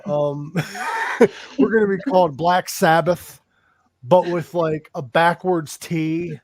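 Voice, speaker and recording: A man's voice: a little high, steady tone, slow. A man hosting a podcast in crude, casual chat, joking with profanity and breaking into laughter. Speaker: podcast host.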